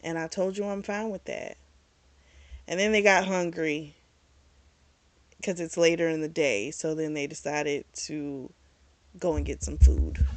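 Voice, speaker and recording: A woman's voice: fairly low pitch, a bit bright, no echo. A woman hosting a book club channel, retelling a romance novel's plot in casual chat full of "like" and "you know".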